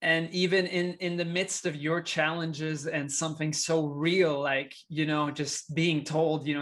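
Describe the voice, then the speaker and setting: A man's voice: on the high side, flat delivery, a little slow, few pauses, fairly bright tone. A man co-hosting a faith talk, speaking reflectively and encouragingly with many fillers. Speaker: podcast co-host. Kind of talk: casual chat.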